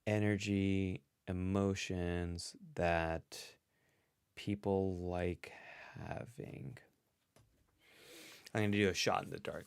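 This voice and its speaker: A man's voice: fairly low pitch, clear, resonant tone, no echo, clean studio sound. A man hosting a casual livestream, thinking aloud and reading out chat comments. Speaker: host and psychologist. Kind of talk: casual livestream guessing game.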